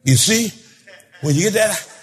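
High, shouting preacher. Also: male voice, lively intonation, measured pace, crowd noise. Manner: shouting, whooping preaching with a call and response. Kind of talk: sermon. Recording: live church with music and congregation.

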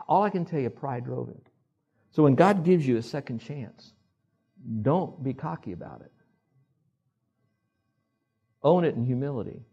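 A male pastor preaching a sermon, telling animated stories and acting out the quotes. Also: medium pitch, slightly rough. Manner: animated storyteller who acts out quotes.

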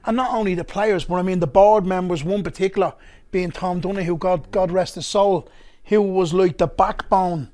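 A man with a Dublin accent, a podcast guest chatting casually and telling stories in quick bursts. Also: sits high, fairly even intonation, a little mellow. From Ireland. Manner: chatty storyteller, rapid bursts, says "come here".

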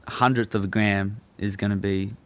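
A man's voice: fairly low pitch, little pitch movement, normal speed. A young man telling a story in casual chat, laid-back, swearing freely and laughing as he goes.

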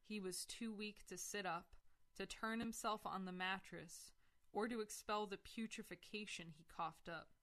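A woman reading a missionary account aloud on a religious radio broadcast, in a measured and expressive storytelling manner. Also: mid-range voice.

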